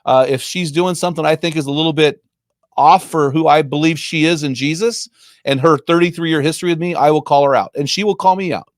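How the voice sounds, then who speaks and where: A Christian ministry founder in his fifties speaks with preacher-like emphasis and passion. His voice is a little high and his delivery brisk, recorded with clean studio sound and no room echo.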